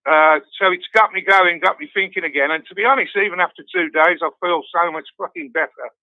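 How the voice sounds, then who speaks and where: Older brummie bloke on a tinny phone line, blunt and sweary, voice sits a bit high. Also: male voice, fairly quick, no room sound. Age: 60s. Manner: blunt, sweary, self-mocking. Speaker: fan reading his own poem. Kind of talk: casual chat and poem recital on a call.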